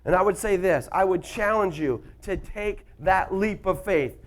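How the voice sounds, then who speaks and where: Man, motivational speaker, high voice, storytelling, asks the audience questions. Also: a little slow. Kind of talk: motivational workshop talk. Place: workshop in front of a live audience.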